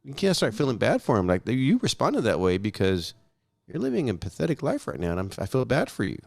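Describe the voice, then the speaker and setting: A man's voice: mid-range voice, brisk, gravelly. A young adult man in casual chat on a podcast, telling stories bluntly with swearing and acting out the dialogue. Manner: blunt, profane, animated storyteller acting out dialogue. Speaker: podcast guest.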